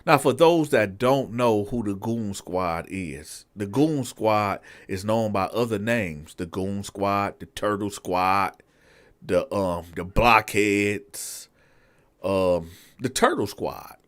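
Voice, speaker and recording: A man's voice: lowish voice, slow pace, a bit bright. A man and show host telling a prison story in a casual, slangy way, speaking straight to his listeners.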